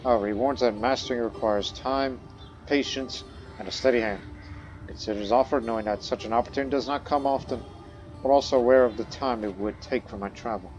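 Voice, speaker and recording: Man, mid-pitched, game playthrough narrator reading events over soft music. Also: brisk, lo-fi sound. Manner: reads event text aloud in first person, then muses. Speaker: gameplay commentator. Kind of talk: let's-play narration of a strategy game. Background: faint background music.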